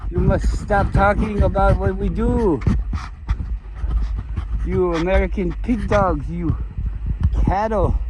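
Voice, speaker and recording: A man's voice: sits high, voice pushed up. A man voicing a contemptuous male official who scolds the public in a mocking, haughty voice. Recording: outdoor noise behind the voice.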